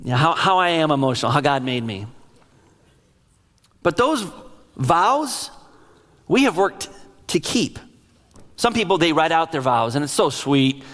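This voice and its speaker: A middle-aged man preaching a sermon as a pastor, telling stories in an emotional, animated way. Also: a little high, unhurried, long pauses. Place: large church sanctuary. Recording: long reverb of a large hall.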